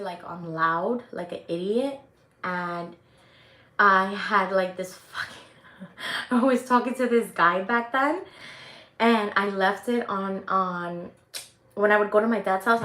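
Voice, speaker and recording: Animated woman telling stories, roomy sound. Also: medium pitch. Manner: animated, profane, laughing often. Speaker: livestream host. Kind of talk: casual storytelling chat.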